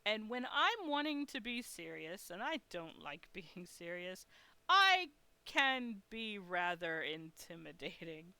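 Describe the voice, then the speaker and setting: A woman's voice: mid-range voice, big pitch swings, slow, sharp tone, clean tone, no echo. A woman live-streaming her art, telling a story in a chatty, frank way and swearing freely.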